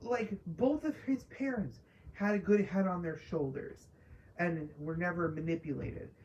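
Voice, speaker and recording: A woman's voice: lowish voice, a little slow, darkish tone, highs cut off, slight background noise. A woman casually ranting through a spoiler review of a TV episode, profane and exasperated, mocking characters she dislikes. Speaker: TV show reviewer.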